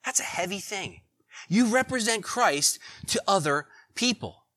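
Man, pastor, sermon, husky, slightly high voice, rhetorical questions, animated. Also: unhurried, no echo. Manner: conversational preaching with rhetorical questions and asides; animated, swings between loud emphasis and quiet asides.

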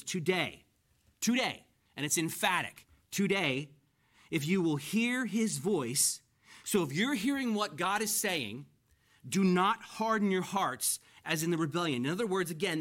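A pastor preaching a conversational sermon. He reads scripture slowly and with emphasis, then explains it and asks the listeners questions. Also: high voice, fairly bright tone.

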